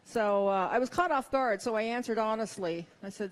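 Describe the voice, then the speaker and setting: A woman's voice: fairly high pitch, normal speed. A middle-aged woman performing a stand-up comedy set, with wry, self-mocking punchlines.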